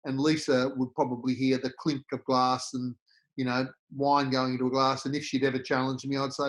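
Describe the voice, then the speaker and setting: A middle-aged Australian man, a podcast guest, telling personal stories in an animated way and acting out the voices he quotes. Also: mid-range voice, brisk, poor audio. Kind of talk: storytelling interview.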